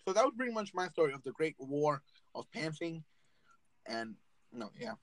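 A man's voice: on the high side, sing-song, moderate pace, poor audio. A young man hosting a casual podcast chat, telling stories with lots of swearing and laughter. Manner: storytelling, swears freely, laughs often. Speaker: podcast host.

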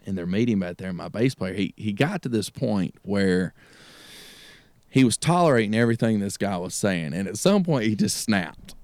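On a cold evening in an outdoor gazebo, a male country singer with a lowish, slightly mellow voice spins an animated road story at a moderate pace. He's a guest in a relaxed conversation, laughing a lot and mimicking the characters' voices, with no echo on the recording.

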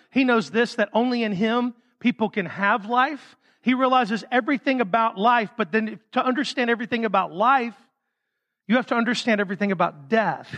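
A man preaching a sermon as pastor, with emphatic stresses that drop suddenly to a soft hush. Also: high-pitched. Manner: emphatic, swings from loud stresses to soft drops. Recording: reverberant hall.

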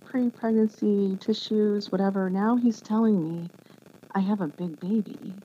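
A woman giving an earnest, emotional personal testimony as an interview guest, speaking haltingly with many restarts. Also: medium pitch, fairly even intonation, warm tone. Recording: dull lo-fi sound with faint background noise.

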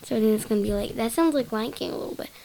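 A woman's voice: fairly high pitch, rapid-fire, vocal fry, dark tone, rough recording. A woman hosting a solo podcast, rambling in a silly, giggly way and jumping from topic to topic. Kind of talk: rambling casual monologue.

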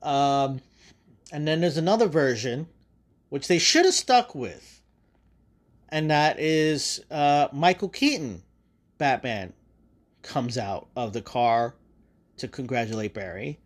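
A male podcast host talks through a film's ending in a loose, rambling way. He swears freely and acts out the characters' lines as he goes. His pitch sits right in the middle for a man. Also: expressive, slow pace, long pauses. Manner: profane, rambling retelling with quoted lines. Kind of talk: casual spoiler review.

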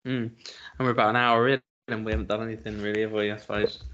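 A man's voice: fairly low pitch, flat delivery, fast, fairly bright tone, a little hiss or hum. A man co-hosting a podcast in casual chat, laid-back and dryly self-mocking. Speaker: podcast co-host. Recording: dull lo-fi podcast audio.

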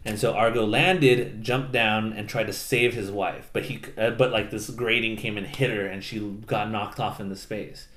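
A man's voice: lowish voice, fairly even intonation, moderate pace, few pauses, a bit bright. A man casually recapping an anime plot, animatedly acting out the characters in silly voices and swearing offhand. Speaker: podcast co-host recapping an anime. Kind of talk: casual chat. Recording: roomy echo.

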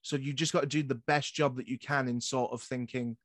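A man hosting a podcast, chatting casually in an upbeat way and quick to laugh. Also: mid-range voice, fairly even intonation, fairly bright tone, no echo, studio quality. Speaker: podcast host. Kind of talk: casual chat.

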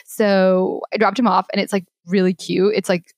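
A woman's voice: mid-range voice, flat delivery, normal speed, darkish tone, dry recording. Casual young woman podcaster, rambling on with lots of "like" and "um", mid voice, dry sound. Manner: rambling storyteller, many fillers, laughs often. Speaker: podcast co-host. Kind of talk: casual chat.

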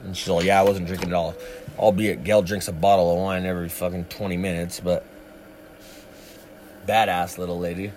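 Man, casual chat, profane storyteller, lowish voice, faint background hiss. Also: level tone, fairly quick, long pauses, a little mellow. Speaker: livestream co-host.

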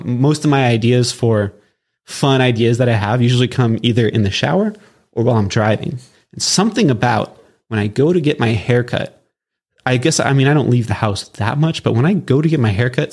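A man's voice: mid-range voice, darkish tone. A man from Southern California hosting a solo podcast, talking in a loose, rambling way with plenty of fillers and restarts. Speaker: podcast host.

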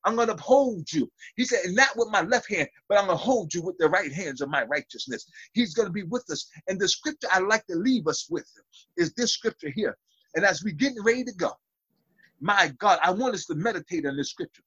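A man's voice: sits high, lively intonation, fairly quick, fairly bright tone, breathy edge, dry recording, highs cut off. A man preaching a fervent sermon over a video call, building to call-and-response. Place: small room.

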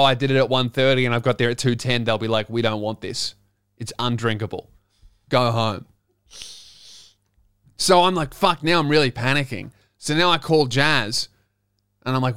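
An Australian man, a comedian hosting his podcast, telling a story in an animated, swearing style and acting out the voices of people he quotes. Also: mid-range voice, smooth, no echo, clean studio sound. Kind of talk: comic storytelling monologue.

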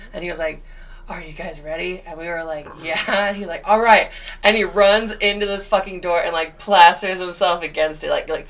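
A woman's voice: lowish voice, fairly bright tone. A woman in her twenties co-hosting a podcast, chatty and rambling as she tells a story. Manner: chatty, rambling, laughs often. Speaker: podcast co-host. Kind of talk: casual storytelling.

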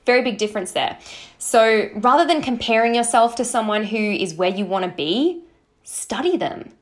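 A woman's voice: on the high side, lively intonation, moderate pace. A woman hosting a podcast, giving a casual motivational talk in a chatty, upbeat way and checking in with her listeners as she goes. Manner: acts out her own past thoughts in quotes. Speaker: podcast host, social marketing entrepreneur.

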